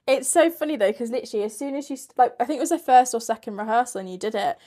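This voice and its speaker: A woman hosting a casual chat, talking in an animated, chatty way full of "like". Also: fairly high pitch, racing. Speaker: podcast host.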